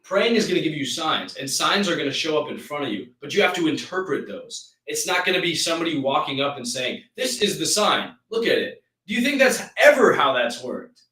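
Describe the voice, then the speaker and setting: A man's voice: a little high, expressive, fairly quick, sharp tone, echoey room, recorded from a distance, rough recording. A man hosting a live stream, giving an intense, preachy motivational rant that rambles with restarts.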